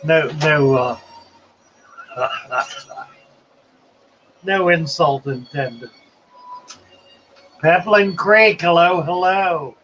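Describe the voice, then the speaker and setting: Slow-talking man hosting a live chat. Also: fairly high pitch, fairly bright tone, lo-fi sound, a little hiss or hum. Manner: unhurried and chatty, musing aloud. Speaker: live stream host. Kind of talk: casual live chat, reading viewer comments aloud.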